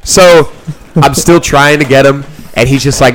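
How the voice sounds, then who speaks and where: Male podcast host, mid-pitched, animated storyteller who laughs easily, swears freely and acts out both sides of the exchange. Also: a little slow. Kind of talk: casual storytelling chat. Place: small room, sitting on a kid's trampoline. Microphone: own mic close to a second mic.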